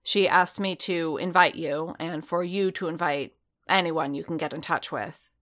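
A woman voicing a weary, stubborn male bounty hunter who talks quietly and haltingly. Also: deep voice, fairly even intonation. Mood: earnest.

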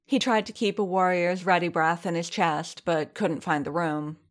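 A woman narrating fan fiction in a steady, measured way. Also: lowish voice.

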